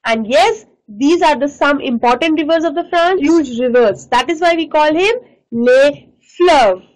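High-voiced teacher drilling French words slowly. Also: female voice, lively intonation, rough recording. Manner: slow, repeats each word for pronunciation drills. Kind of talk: online class lesson.

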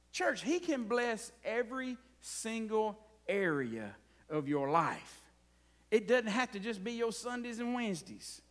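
A man's voice: extremely high pitch, a bit bright. A man preaching a conversational sermon as pastor, asking the congregation frequent rhetorical questions.

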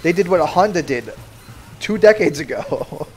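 A young man livestreaming a game, bantering loudly and sarcastically with his chat in mock outrage. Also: a little high, expressive, moderate pace, soft background music. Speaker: streamer. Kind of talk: live gaming stream chatter.

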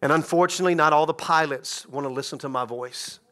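A man voicing a calm, steady male air traffic controller who gives slow, reassuring, insistent instructions. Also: on the high side, soft background music, close to an everyday voice.

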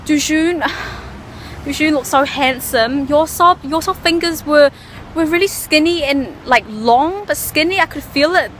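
Bright high woman, hoarse from screaming. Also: measured pace, slight background noise. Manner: gushing, breathless. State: losing her voice. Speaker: vlogger. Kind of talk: excited fan vlog.

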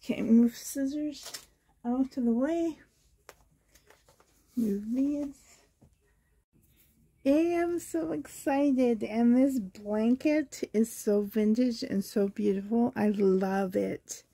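A hoarse woman from Canada gushing with delight as she unboxes a reborn doll trade for her vlog. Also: on the high side, slow, mellow. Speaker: reborn doll collector vlogger.

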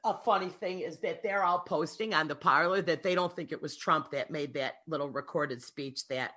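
A woman's voice: low-pitched, normal speed. A woman co-hosting a casual podcast, chatting and reacting expressively. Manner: expressive, reacts with gasps and exclamations. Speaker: podcast co-host. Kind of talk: casual gossip chat.

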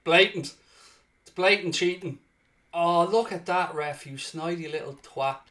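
A man giving let's-play commentary on a football game, swearing freely and swinging between low muttering and loud outbursts. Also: unhurried. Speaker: gaming channel host.

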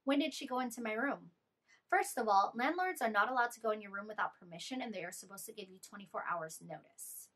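A young woman vlogger telling an animated, exasperated storytime about a bad living situation. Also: mid-range voice, fast talker. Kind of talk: storytime vlog.

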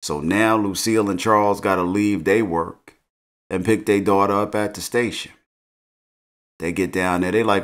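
A man's voice: low-pitched, fairly even intonation, unhurried, pauses often, a bit bright. A middle-aged man casually recapping a TV episode in slangy, laid-back talk, laughing at his own jokes. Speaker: show recap host.

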